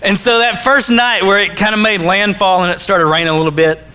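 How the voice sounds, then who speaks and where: A man from Arkansas, giving a jokey, animated storytelling talk to a school audience. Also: high-pitched, fairly quick, clean tone. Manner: animated, jokey, acts out his own quotes. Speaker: motivational speaker.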